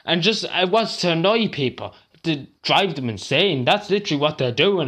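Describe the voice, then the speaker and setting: An Irish vlogger rants angrily into the camera, worked up and swearing, returning to the same words over and over. His voice sits on the high side with lively intonation and a fairly bright tone, moving at a moderate pace with few pauses. He sounds upset and close to tears, strained and raw as he speaks.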